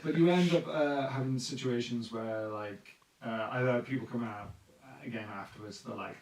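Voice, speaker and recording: A man's voice: mid-range voice, moderate pace, vocal fry, a little mellow, reverberant, recorded from a distance, a little hiss or hum, rough recording. A man chatting casually on a podcast about running tabletop games, rambling with lots of fillers and acting out players' lines. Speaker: dungeon master guest.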